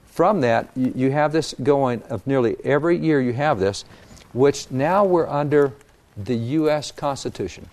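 A man explaining early national history in a talk, emphatic and animated, stressing key words. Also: medium pitch. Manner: animated storyteller, emphatic, reads quotes aloud. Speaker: history guest. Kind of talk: conversational history lecture.

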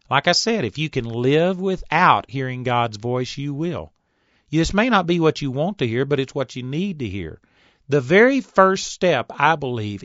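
A man in his fifties giving an earnest Bible teaching, reading scripture slowly and deliberately, on a recorded tape. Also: on the high side, a bit bright, no room sound. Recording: dull, dry tape recording.

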